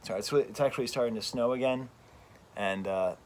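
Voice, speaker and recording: An American man, a French professor with his own channel, speaks briskly at a medium pitch. Outdoors, he launches into an animated, emphatic opinion rant, often repeating phrases.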